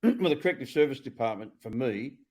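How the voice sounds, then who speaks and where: A middle-aged Australian man with an ordinary mid-range voice rattles along at a fast clip. He is blunt and profane, and he speaks his mind in casual conversation. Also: mid-range voice, lively intonation, a little mellow. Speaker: former prisoner sharing his story.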